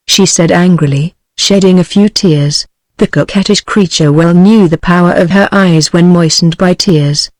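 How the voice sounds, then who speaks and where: A synthetic woman's voice with a British English accent, reading a classic novel aloud in an even, steady manner. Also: fairly low pitch, a little slow, few pauses, dry recording. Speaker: audiobook narrator. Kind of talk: synthetic audiobook narration.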